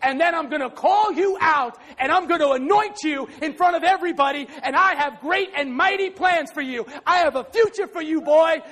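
A preacher voicing God making firm promises. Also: male voice, very high voice, moderate pace, few pauses, a bit bright. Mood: earnest. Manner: earnest, promising. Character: God speaking tenderly and firmly to a boy.

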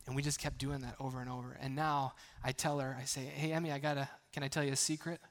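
A man pastor preaching a sermon in a conversational way, with frequent restarts and playful asides, moving between hushed, near-whispered lines and loud, emphatic bursts. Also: medium pitch, little pitch movement, fast. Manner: playful humor between earnest points.

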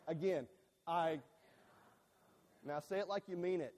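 High-voiced preacher in a reverberant hall. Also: male voice, unhurried, a little mellow. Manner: earnest and emphatic, repeats key phrases, stumbles and restarts words. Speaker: pastor. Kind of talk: sermon. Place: church sanctuary with a screen behind him.

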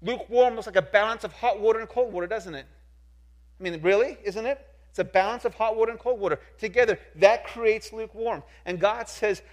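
High-voiced man preaching with emphasis. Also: brisk. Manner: emphatic, repetitive, rhetorical questions, swings from soft to loud. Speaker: pastor. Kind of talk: sermon.

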